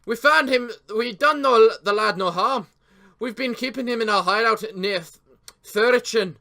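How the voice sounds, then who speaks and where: A man's voice: very high-pitched, normal speed, vocal fry, sharp tone, voice pushed up, exaggerated voice. A man voicing a captured male bandit who begs for his life in an Irish accent. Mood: pleading. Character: surrendering male bandit begging for mercy.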